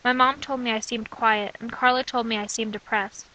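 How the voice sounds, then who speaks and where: A woman in her twenties reading her old diary letters aloud in short, steady clipped phrases. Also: on the high side, normal speed, poor audio. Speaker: vlogger.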